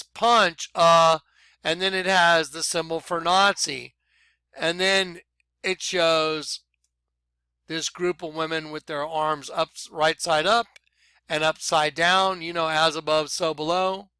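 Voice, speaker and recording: A man vlogging excited commentary over videos he plays, talking emphatically and apologizing for rushing ahead. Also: fairly high pitch, clear, resonant tone, dry recording. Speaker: video blogger.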